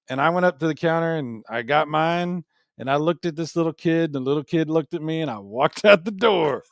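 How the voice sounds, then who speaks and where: A man co-hosting a casual podcast chat, telling animated stories and acting out what people said. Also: a little high, brisk, no echo, clean studio sound. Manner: animated storyteller, acts out quotes. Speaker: co-host.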